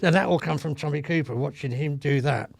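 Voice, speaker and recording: An older man with a gravelly voice, a comedy club veteran telling rambling, earthy stories in a casual podcast chat. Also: fairly high pitch, fairly quick, dry recording. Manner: rambling, earthy, swears freely. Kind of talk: casual anecdotal storytelling. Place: podcast studio.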